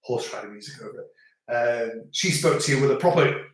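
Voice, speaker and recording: A man's voice: mid-range voice, normal speed. A middle-aged man from England with a Northern English accent, chatting casually and rambling on a family live stream. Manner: chatty, rambling, repeats words. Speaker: host. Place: family home in rural France. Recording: very echoey room.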